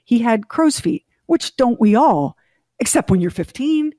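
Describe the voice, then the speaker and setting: Middle-aged woman, podcast co-host, candid animated storyteller, mellow tone, dry studio sound. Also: a little high, unhurried, no echo. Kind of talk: storytelling in casual chat.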